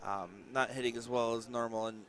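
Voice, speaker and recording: A man's voice: medium pitch, fairly even intonation, brisk, a bit bright. A man doing live darts commentary with a jokey, bantering, self-mocking manner, calling the match from a casino event hall.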